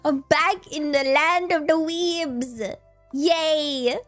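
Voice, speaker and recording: A giggly, excitable woman streaming from home, her voice pitched high and bright as she chats with viewers. She talks in an unhurried, drawn-out way and slips Japanese words into her chat. Soft music plays faintly behind her. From United States. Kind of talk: casual live-stream chat. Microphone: good desk microphone.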